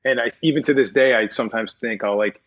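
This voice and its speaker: A man's voice: medium pitch, fast, a bit bright. A man, a voice actor guest chatting casually and rambling in an interview, laughing easily. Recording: dull lo-fi sound.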